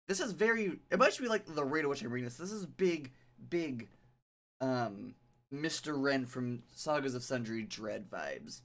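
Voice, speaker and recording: Animated, chatty game streamer. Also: medium pitch, moderate pace. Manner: chatty, animated and self-deprecating; reads game text aloud in a vague pirate accent. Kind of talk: live game stream commentary.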